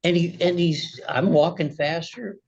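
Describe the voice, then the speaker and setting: Agitated man testifying, husky and muffled. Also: on the high side, steady tone, a little slow, a little mellow. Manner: agitated, rambling storytelling with restarts. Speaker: litigant. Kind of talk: testimony in a courtroom.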